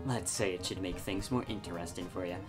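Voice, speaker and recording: A woman's voice: extremely low pitch, fairly quick, music in the background, pitched below the performer's own voice. Woman doing a dry, weary bug clerk. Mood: wry. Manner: dry and quiet, offhand.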